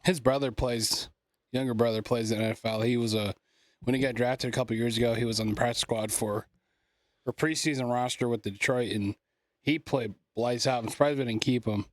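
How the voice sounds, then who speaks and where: A young man co-hosting a podcast, talking sports casually in a halting, blunt way and often repeating words. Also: medium pitch, fairly even intonation, no echo, studio quality. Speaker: podcast co-host.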